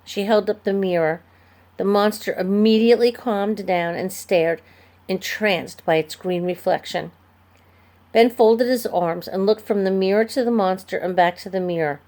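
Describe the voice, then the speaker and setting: A woman narrating a children's chapter book aloud in an expressive storytelling manner. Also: mid-range voice, moderate pace. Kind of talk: scripted narration.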